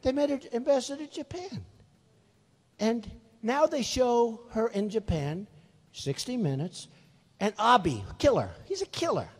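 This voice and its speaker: This political candidate in his sixties has an extremely high, sing-song voice with a breathy edge, delivered a little slowly. His rally speech in a big hall is rambling, boastful and full of repetition, and long hall reverb trails each line.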